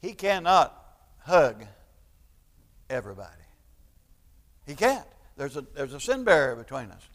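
A male pastor delivers a sermon in a somewhat high voice, repeating words as he searches for them and then pressing his points hard. His voice rings through a hall with a long reverb. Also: sing-song. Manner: halting restarts, building to loud emphatic preaching.

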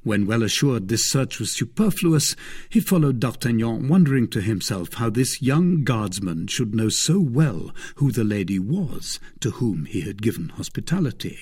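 A man reading a classic adventure novel aloud as scripted narration, in an expressive storytelling manner. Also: mid-range voice, normal speed, breathy edge. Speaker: audiobook reader.

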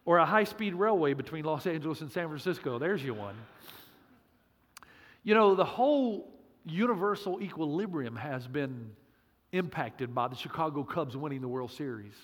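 A man's voice: a little high, expressive, normal speed, long reverb tail. A man preaching a sermon as pastor, punchy and joking, with emphatic repeats.

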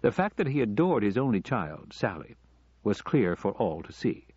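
A low-voiced man reads a story aloud in measured, even narration. The sound is close and dry, with a slightly dull, lo-fi tone. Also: breathy edge, no room sound. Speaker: audiobook narrator. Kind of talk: scripted narration.

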